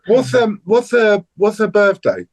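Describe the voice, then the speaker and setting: A man's voice: sits high, big pitch swings, measured pace, dry recording. Dry-sounding man, upbeat banter. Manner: laughs often, teasing and upbeat. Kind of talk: casual chat among friends.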